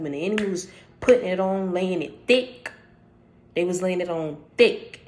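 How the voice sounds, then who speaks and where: A woman giving an informal prophetic message, preaching in a slangy, conversational storytelling way. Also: fairly low pitch. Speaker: prophetic speaker.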